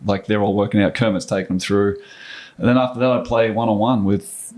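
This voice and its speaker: Lively Australian ex-player telling stories. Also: male voice, fairly low pitch, a little fast. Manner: animated anecdotes, frequent restarts and laughs. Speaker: guest, former basketball player. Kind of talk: casual storytelling.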